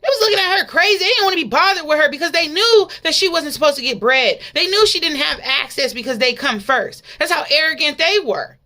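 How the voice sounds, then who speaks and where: A woman's voice: high-pitched, lively intonation, brisk, hardly any pauses, sharp tone. A woman preaching an impassioned, conversational sermon, full of rhetorical questions to the congregation.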